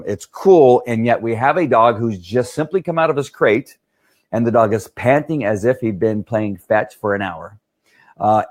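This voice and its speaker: Rambling man, dog trainer. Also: fairly low pitch. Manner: rambling, repeats "right?" often. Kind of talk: casual explanatory talk.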